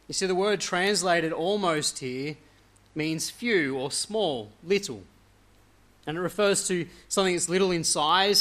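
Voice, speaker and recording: A man's voice: a little high, a bit bright. A man preaching a sermon, earnestly walking through a scripture passage and letting his voice drop at the ends of phrases. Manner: earnest expository preaching, leaning into quoted scripture.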